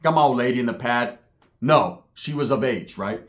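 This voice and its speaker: A man's voice: medium pitch, normal speed, a bit bright. A young man telling a profane story in street slang and acting out the people he quotes. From California. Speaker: commentary vlogger. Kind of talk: storytelling rant.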